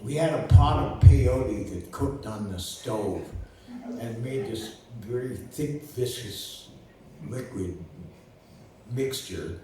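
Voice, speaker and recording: A man's voice: medium pitch, lively intonation, slow. A man in his seventies, a lawyer, telling casual stories in a rambling way, full of fillers and restarts. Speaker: lawyer and guest. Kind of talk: casual storytelling. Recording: roomy distant recording with faint noise.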